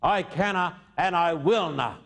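A man's voice: high-pitched, unhurried, creaky, fairly bright tone, full character voice. A man preaching a sermon voices a stubborn little boy, firmly repeating his refusal. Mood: defiant. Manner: firm, defiant repetition.

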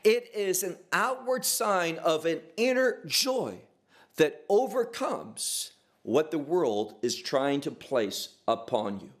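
Slow, animated male preacher. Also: a little high. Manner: emphatic, rhetorical questions, drawn-out stresses. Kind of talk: sermon.

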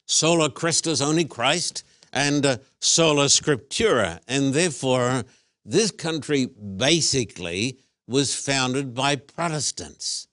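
A man hosts an interview as a pastor, in a measured voice. He asks pointed rhetorical questions. The recording is dry, with no room sound. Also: mid-range voice, animated, fairly bright tone, dry recording.

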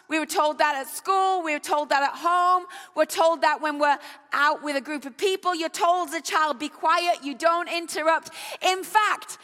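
A woman preacher delivering an impassioned sermon that builds to shouts, in a church hall. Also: extremely high pitch. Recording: long reverb of a large hall.

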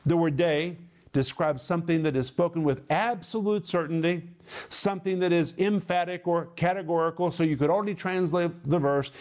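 A man preaching a Bible lesson with a slightly higher-than-average voice. He speeds through some phrases, then slows way down to lean hard on key words. His delivery is emphatic and insistent. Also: darkish tone. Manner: emphatic, sweeping shifts from quick bursts to slow drawn-out stresses. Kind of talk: televised Bible teaching.

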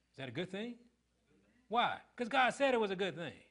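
A middle-aged male pastor preaching a sermon in call-and-response style, quizzing the congregation and swinging between loud emphasis and hushed lines. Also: high voice.

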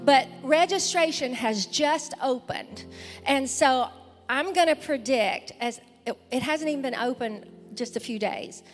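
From the pulpit of a large church sanctuary, a woman pastor with a Southern accent enthusiastically calls out a welcome to visitors. Her voice is high and her pace measured, with a big-room sound. The recording captures a live service with music and the crowd.

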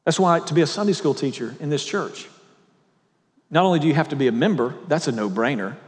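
Pastor preaching in a reverberant hall. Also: male voice, fairly high pitch, animated. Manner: reads scripture slowly, tells stories with quoted dialogue. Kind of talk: sermon. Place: church sanctuary. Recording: long reverb in a church hall.

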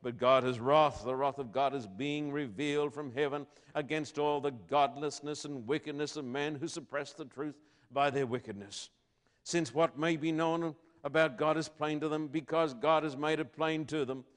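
A middle-aged man preaching a sermon, emphatic, asking rhetorical questions and swinging between loud declarations and quiet lines. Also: on the high side, steady tone, normal speed.

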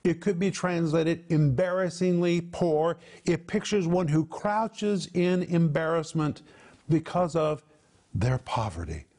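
Brief: male TV Bible teacher, emphatic and explanatory, a little higher-pitched than most men. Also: takes it slowly, a little mellow. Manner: emphatic, explains word meanings, repeats for stress.

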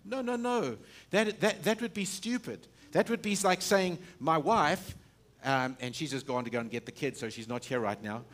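At a moderate pace, this animated pastor preaches, firing off rhetorical questions and often restarting. He swings from loud emphasis down to hushed, low passages.

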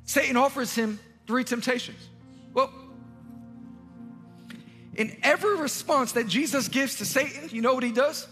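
A male pastor preaching a sermon in a large church, emphatic and repetitive, building up to shouts. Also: very high-pitched, moderate pace, pauses often, long reverb tail, faint music behind.

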